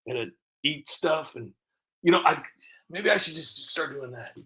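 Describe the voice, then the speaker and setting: A man hosting a casual live stream rambles along, teasing his viewers and poking fun at himself. His voice sits a little high and sounds bright and sharp. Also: lively intonation, a little slow, husky. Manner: rambling, sarcastic, self-mocking. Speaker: streamer host.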